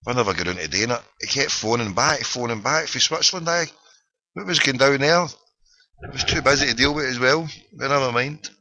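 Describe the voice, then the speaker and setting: A man's voice: medium pitch, lively intonation, a little fast, sharp tone, highs cut off, slight background noise. A middle-aged man with a Glaswegian accent hosting a phone-in podcast, ranting sarcastically and swearing freely in casual solo commentary. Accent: Scottish, Glaswegian.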